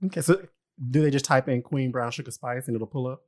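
A man co-hosting a casual chat, playful and teasing in quick banter. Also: medium pitch, darkish tone. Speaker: podcast co-host.

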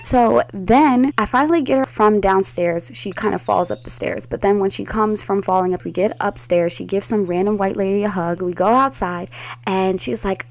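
A woman telling a long story in a casual chatty way, acting out the quoted voices with big jumps in pitch and swearing freely. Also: normal speed, darkish tone. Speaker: storyteller recounting a trip.

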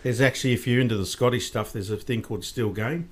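A man's voice: medium pitch, fast talker. An Australian man in his forties, a podcast guest, telling stories in casual, bantering chat. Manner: bantering storyteller, says mate a lot.

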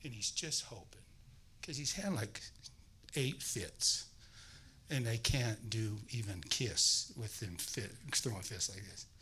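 Male guest preacher, sermon, bright tone, animated storyteller. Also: lowish voice, slow, a little hiss or hum, rough recording. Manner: animated storytelling, acting out voices.

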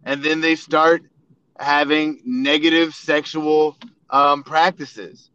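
A man co-hosting a podcast, speaking in a slow, mocking, lecturing way in casual chat. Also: a little high, flat delivery, sharp tone, clean tone. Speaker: podcast co-host. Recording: dull lo-fi sound.

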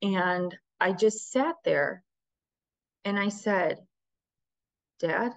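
A woman's voice: mid-range voice, extremely slow, dry recording. A woman telling a personal story in a candid, conversational way, acting out her own thoughts as she goes. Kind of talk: casual storytelling.

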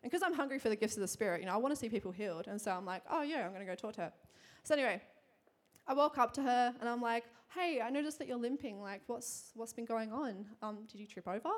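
Speaking quickly and with lively intonation, a young church speaker delivers a sermon built around a personal story. Her voice sits a bit high; she laughs often, uses many fillers, and slides comfortably from storytelling to teaching.

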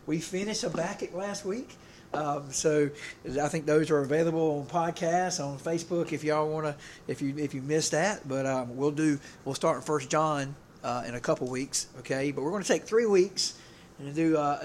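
A middle-aged man preaches in a chatty, halting way, stopping and restarting his sentences. His voice sits fairly high for a man. A faint hiss runs under the recording. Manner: rambling, halting, full of fillers and restarts. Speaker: pastor. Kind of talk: casual sermon.

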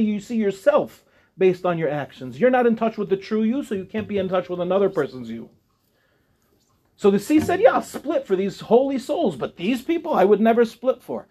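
Rabbi guy teaching girls a torah class, kinda high voice, really animated, does little voices for the people he quotes. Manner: animated, acts out quoted voices, humorous asides. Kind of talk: Torah class to young women. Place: classroom before an audience.

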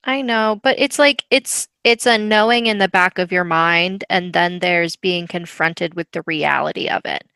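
A woman's voice: fairly low pitch, moderate pace, vocal fry, few pauses, clear, resonant tone, no echo. A woman co-hosting a book podcast, chatting casually and emphatically. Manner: emphatic, expressive. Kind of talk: casual chat.

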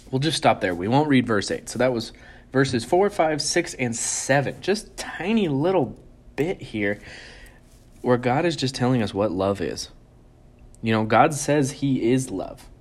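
A man giving a casual, earnest Bible devotional, chatting and reading verses slowly with emphasis. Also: medium pitch. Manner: conversational, chuckles and restarts. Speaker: devotional speaker.

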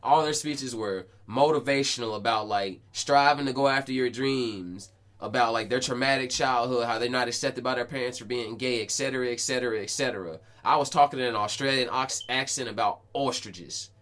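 This is a podcast host in his twenties, chatting casually with a friend. His voice sits at an ordinary male pitch. His talk is slangy and profane, with lots of quick restarts. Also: a bit bright. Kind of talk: casual chat.

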